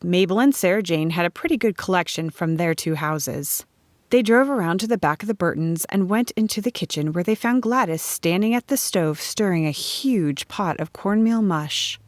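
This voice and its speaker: A woman narrating a children's storybook in a calm, measured reading. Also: lowish voice, no room sound. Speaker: audiobook narrator.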